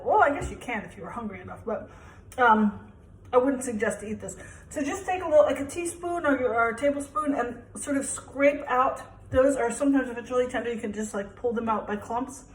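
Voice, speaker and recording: A woman's voice: high voice, roomy sound, a little hiss or hum, poor audio. A young woman chatting casually and rambling a little as she shows how to cook at home. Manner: chatty, rambling, self-deprecating. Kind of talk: casual cooking demonstration. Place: home kitchen.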